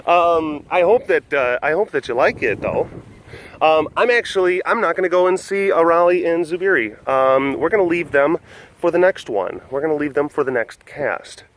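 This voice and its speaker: A man's voice: fairly high pitch, expressive, normal speed. A man hosting a casual webcast from an animal facility, rambling, laughing often, and cooing at the animals. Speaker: vlog host at a wild animal facility.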